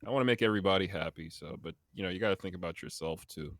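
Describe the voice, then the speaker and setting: A low-pitched man talking as a guest in a casual video call interview. He is wry and self-mocking and laughs at his own regrets. The recording is dry and close, with no room echo. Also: very fast. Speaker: guest streamer.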